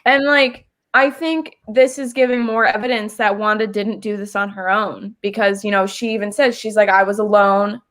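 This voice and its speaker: A woman's voice: mid-range voice, steady tone, normal speed, few pauses, fairly bright tone. A woman in a casual group chat, speaking emphatically and with strong opinions.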